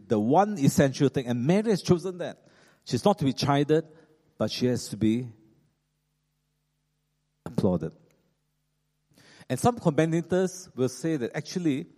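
Male preacher, mellow voice, animated and chatty, hall reverb. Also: mid-range voice, breathy edge. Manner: animated, frequent fillers and restarts, chuckling asides. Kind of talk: sermon. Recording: echoey hall.

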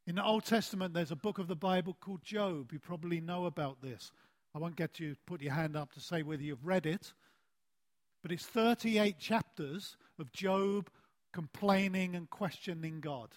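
A man preaching a sermon in a deliberate way, with emphatic phrases that fall soft at the end and a lively, climbing voice for stories. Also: sits high. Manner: animated storytelling with a rising voice.

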